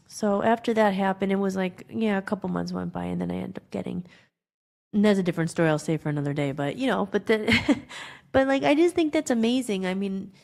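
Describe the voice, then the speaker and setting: Gravelly-voiced woman telling a personal story. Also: mid-range voice, a little mellow. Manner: rambling, emotional, many fillers and restarts. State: tearful at times. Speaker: podcast host.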